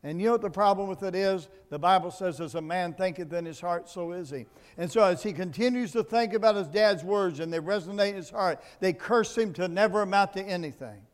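A man preaching a sermon, dropping to quiet asides and then rising to loud, emphatic points, often repeating words as he builds. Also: sits high, fairly quick, hardly any pauses, big-room sound. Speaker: pastor. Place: church building.

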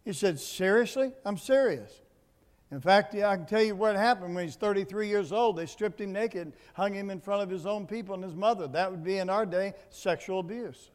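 A man preaching a sermon, dropping to quiet asides and then rising to loud, emphatic points, often repeating words as he builds. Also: sits high, fairly quick, in a large hall. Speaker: pastor. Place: church building.

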